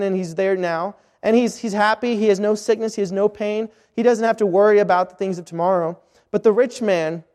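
In a reverberant church hall at a missions conference, a man preaches earnestly. His voice is high-pitched with a darkish tone, and he often repeats words as he restarts phrases.

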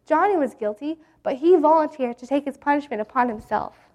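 A woman voicing a gentle but firm male schoolteacher in a read-aloud story. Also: sits high, expressive, fairly quick.

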